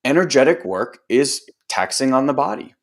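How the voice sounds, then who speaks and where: Hosting a group training talk, this personal growth coach speaks casually and loosely in an expressive, mid-range voice at a moderate pace. Fillers come often, a swear word slips out here and there, and he performs the voices of people he quotes.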